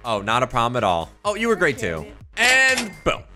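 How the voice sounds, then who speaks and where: A man's voice: wildly swooping pitch, normal speed, pushed and bright, soft background music. A young man doing playful, hyped gameplay commentary as a gaming video host. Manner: hyped, playful, big jumps in pitch. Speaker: gaming YouTuber.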